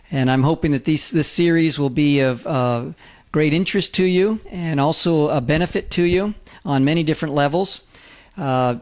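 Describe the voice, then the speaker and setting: A man in his fifties tells a personal story to draw a lesson from it. His voice sits a little high for a man, and he talks in a folksy way, stopping often on "uh" as he goes. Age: 50s. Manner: halting, many "uh" fillers, folksy. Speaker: author and motivational speaker.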